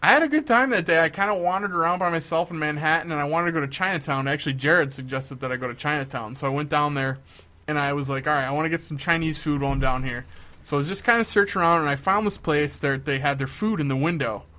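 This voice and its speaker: A young man chatting casually on a podcast, telling a story with lively acted-out quotes. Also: fairly high pitch, quick pace. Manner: animated storyteller, acts out quotes. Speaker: podcast co-host.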